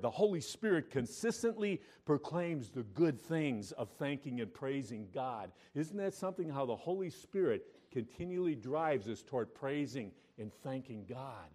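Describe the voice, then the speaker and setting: A pastor preaching a sermon, reading scripture aloud and moving between loud emphatic lines and quiet, intimate asides. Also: male voice, mid-range voice. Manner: reads scripture in King James wording.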